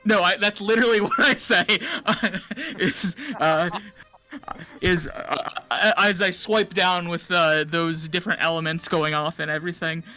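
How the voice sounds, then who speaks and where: Young man, game player, slow speech, bright tone, hesitant fillers. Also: high voice, fairly even intonation, soft background music. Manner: slow, hesitant, full of ums and laughs. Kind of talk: tabletop game play.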